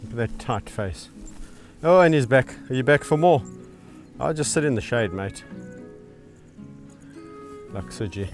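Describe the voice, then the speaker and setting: A middle-aged man talks slowly and easily outdoors at a sanctuary, chatting to the animals as he goes. His delivery is loose and unscripted, with frequent chuckles and a mid-range voice. Faint music plays underneath. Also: medium pitch. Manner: chatty and relaxed, talks to the lions, chuckles often. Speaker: animal sanctuary keeper and channel host. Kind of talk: casual on-the-spot commentary.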